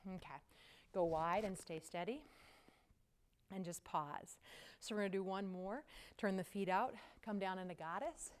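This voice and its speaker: A woman leads a yoga class in a mid-range voice, offering casual, chatty cues for the movements while breathless from exercising. She speaks at a measured pace and pauses often.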